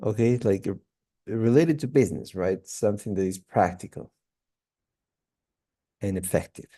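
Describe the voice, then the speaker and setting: A man's voice: on the low side, moderate pace, dark tone. A man giving a one-on-one English pronunciation lesson, patiently repeating example sentences with many fillers. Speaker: English tutor.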